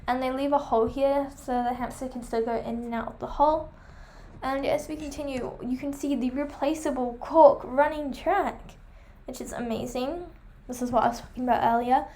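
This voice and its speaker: A young woman chatting enthusiastically while reviewing pet products, full of fillers, her voice going hoarse. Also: sits high, fairly even intonation, normal speed, mellow. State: losing her voice. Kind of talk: casual chat.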